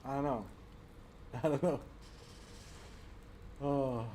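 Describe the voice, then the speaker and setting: A man's voice: mid-range voice, steady tone, extremely slow, dark tone, a little hiss or hum. A man co-hosting a livestream in casual banter who swears freely, laughs often and acts out quotes. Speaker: livestream co-host.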